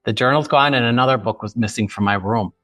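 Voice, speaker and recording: A Chicago-area man in his fifties, a book author appearing as a podcast guest, tells an emotional personal story and acts out the dialogue he remembers. His medium-pitched voice moves quickly with a fairly bright tone, over soft background music and no room sound. It's a vivid retelling.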